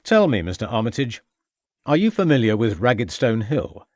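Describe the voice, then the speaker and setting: A man's voice: medium pitch, sing-song, normal speed, dry recording, lightly acted. A man reading an audiobook, voicing a shrewd, stern male police inspector who questions in a dry, mocking way. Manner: probing, dryly mocking.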